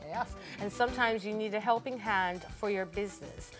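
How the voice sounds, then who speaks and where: Lively Jamaican woman hosting a morning show. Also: medium pitch, normal speed, over music. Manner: animated, playful, switches into patois. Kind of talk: lively studio chat and news reading. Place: TV studio.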